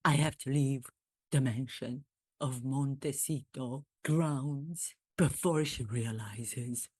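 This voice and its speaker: A woman doing a hushed, sneaky royal prince. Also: a bass voice, takes it slowly, husky, dry recording, exaggerated voice. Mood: secretive. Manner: hushed, conspiratorial, self-pitying. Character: nervous secretive Prince Harry impression, adult man. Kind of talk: satirical impression.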